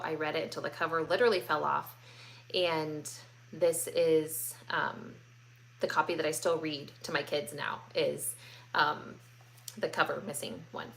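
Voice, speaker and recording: A woman's voice: lowish voice, a bit bright, a little hiss or hum. A woman in her thirties hosting a live question-and-answer stream from home, chatting casually with many ums and likes and reading viewer comments aloud.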